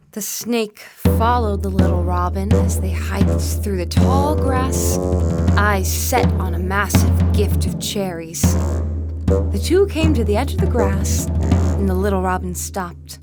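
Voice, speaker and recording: A woman narrating a children's story as part of a concert piece, reading slowly and deliberately. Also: big pitch swings. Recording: voice over loud bassoon and percussion music.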